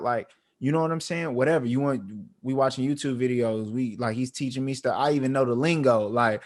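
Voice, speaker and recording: Speaking fairly quickly with few pauses, this mid-range male voice belongs to a podcast co-host in his thirties. He recounts a heartfelt family story casually, with slang, emotion and plenty of fillers.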